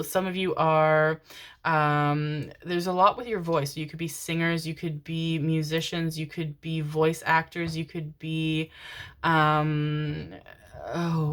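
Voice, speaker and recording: A low-pitched woman gives a casual tarot reading and calls her listeners "my darlings." She swears freely, repeats herself for emphasis and laughs often as she talks. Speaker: tarot reader. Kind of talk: pick-a-card tarot reading.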